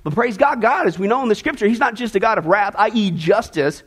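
A man preaching a sermon to his congregation, energetic and folksy, with joking asides and a lot of back-and-forth with the crowd. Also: sits high, fast talker, breathy edge. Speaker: pastor. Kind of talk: sermon with a joke opener.

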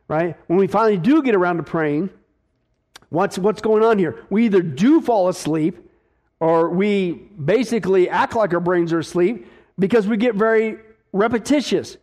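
A man's voice: sits high, moderate pace, darkish tone. A man preaching a sermon, emphatic, often checking in with the congregation. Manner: emphatic, repeats rhetorical "right?" to the congregation. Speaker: pastor.

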